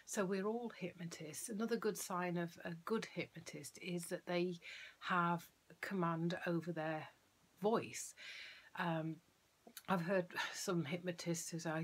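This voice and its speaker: A woman hypnotherapist explaining her craft in a soft, often half-whispered voice, shaping her tone with falling inflections. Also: fairly low pitch, measured pace, husky. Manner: plays with tone and downward inflections. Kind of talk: explanatory talk.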